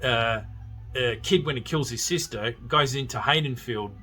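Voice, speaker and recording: An Australian man rambles through a horror movie review in a loose, excitable podcast chat, swearing freely and often breaking into laughter. His voice is bright and forceful, with a husky, breathy edge running underneath. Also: mid-range voice, normal speed, faint music behind. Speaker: podcast host. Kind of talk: casual film review chat.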